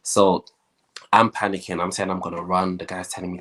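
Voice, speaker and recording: Deep-voiced man telling his story. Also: fairly quick. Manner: animated storyteller, acts out quoted voices. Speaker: guest.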